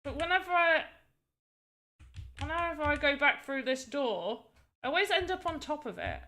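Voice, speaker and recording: A woman's voice: high voice, lively intonation, moderate pace, sharp tone. A woman streaming as she builds a game, thinking aloud and exclaiming at what happens on screen. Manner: thinks aloud while testing her game. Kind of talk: casual live-stream chat.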